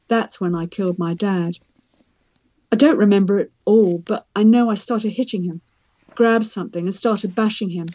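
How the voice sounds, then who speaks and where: A woman's voice: mid-range voice, dark tone, dry recording, natural voice. A woman reading as a troubled young man. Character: troubled young male patient. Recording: dull, slightly lo-fi sound.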